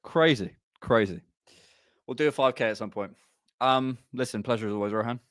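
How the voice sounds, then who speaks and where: A man's voice: medium pitch, a little fast, no room sound, clean studio sound. A man hosting a live podcast, out of breath and bantering in a joking, chatty way. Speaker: podcast host. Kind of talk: casual live podcast chat.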